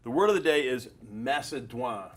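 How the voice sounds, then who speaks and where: A man hosting a casual interview show, chatty and jokey, quick to agree with his guests. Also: mid-range voice, lively intonation. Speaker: talk show host.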